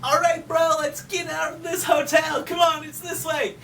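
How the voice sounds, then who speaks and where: A woman voicing an eager young male ghost-hunting hero, excitedly urging others on. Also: high voice, moderate pace, gravelly, far from the mic, slight background noise, pitched above the performer's own voice.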